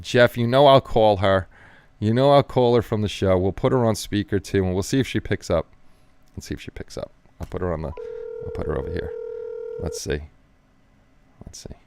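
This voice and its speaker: A man hosting a casual livestream, chatting straight to his viewers from home. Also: low voice. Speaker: livestream host.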